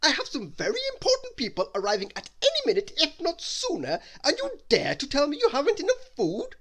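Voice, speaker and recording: A man's voice: extremely high pitch, wildly swooping pitch, fairly quick, a bit bright, pitched above the performer's own voice, heavily acted. A man voicing a pompous, bad-tempered male hotel manager who shrieks and fawns in a storybook reading. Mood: raging. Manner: shrieking, smarmy.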